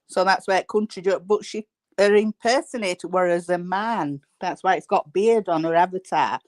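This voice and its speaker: A woman's voice: fairly low pitch, normal speed, darkish tone. A woman, chatting bluntly and swearing freely as a guest on a livestream. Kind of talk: casual chat.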